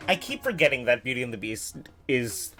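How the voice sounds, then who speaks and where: A woman's voice: extremely low pitch, brisk, soft background music. A woman with a Southern US accent streaming a video game, joking and swearing in casual commentary. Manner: lively, swears often, jokey.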